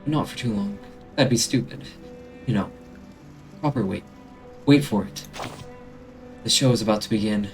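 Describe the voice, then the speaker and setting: A man's voice: on the low side, moderate pace, long pauses, faint music behind, close to an everyday voice. A man voicing a theatrical male showman in amateur game-dialogue voice acting, grandiose, mocking and crude. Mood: taunting. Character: theatrical male showman announcing a bloody spectacle.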